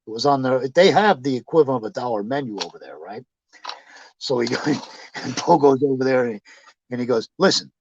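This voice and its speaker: A man being interviewed, casually telling profane, animated stories and acting out what people said. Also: mid-range voice, fairly quick, no echo, muffled recording. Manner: profane, animated anecdotes with acted quotes. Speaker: interview guest, pro wrestler. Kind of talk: casual storytelling.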